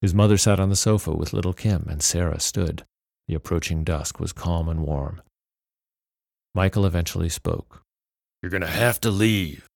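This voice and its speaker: A man reading a novel aloud as narrator in a steady, measured way. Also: deep voice, creaky, dry recording, clean studio sound. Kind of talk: storybook narration.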